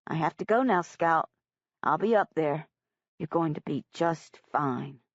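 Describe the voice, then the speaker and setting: A gentle teenage big brother , voiced by a woman reading aloud, speaks softly in a lowered tone. He sounds calm and reassuring. The recording is dry and slightly dull. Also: measured pace, no echo, heavily acted. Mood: tender.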